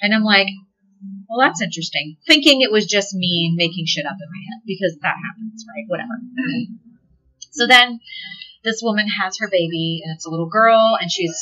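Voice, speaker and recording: A woman guest on a podcast, a delivery nurse telling stories in casual chat, animated and laughing often, with casual swearing. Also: mid-range voice, normal speed, muffled recording.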